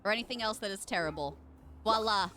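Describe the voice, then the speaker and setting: A woman voicing a lazy, pompous cat mayor who speaks in slow, lofty, drowsy proclamations. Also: mid-range voice, pushed and bright, lightly acted.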